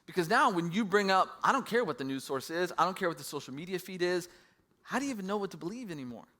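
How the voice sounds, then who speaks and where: A man's voice: high voice, animated, fast, sharp tone. A middle-aged man preaching a sermon as pastor, conversational and self-deprecating.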